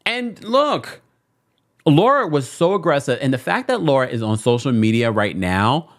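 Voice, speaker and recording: A New York podcast host with a mid-range voice and moderate pace offers casual pop-culture commentary. He's animated and opinionated, addressing listeners directly.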